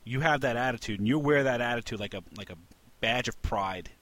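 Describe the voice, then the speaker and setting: A man from New York City co-hosting a casual podcast chat, telling stories in a rambling, animated way with plenty of swearing and laughter. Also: mid-range voice, brisk, dry recording. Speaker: podcast co-host.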